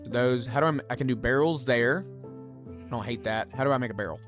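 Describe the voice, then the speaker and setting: A man's voice: medium pitch, fast talker. A man casually thinking aloud while playing a building game live, poking fun at himself and chatting to his viewers. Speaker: streamer. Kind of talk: casual live gameplay commentary. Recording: music playing behind the voice.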